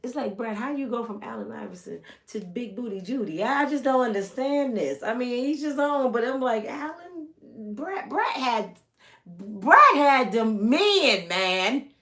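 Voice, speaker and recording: A woman's voice: fairly high pitch, expressive, moderate pace. Chatty gossip lady, middle aged, drawly and teasing, voice jumps all over. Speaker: channel host. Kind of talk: casual gossip commentary.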